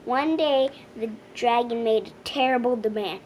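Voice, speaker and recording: A woman narrating a children's storybook aloud with slow, expressive storytelling. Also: fairly high pitch, slight background noise. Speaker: storybook reader.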